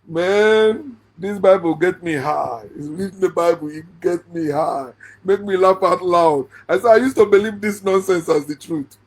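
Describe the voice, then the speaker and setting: A middle-aged man with a Nigerian accent and a voice that sits high delivers a sarcastic monologue about a Bible passage at a moderate pace. He laughs frequently and his voice rises into shouts as he mocks the text.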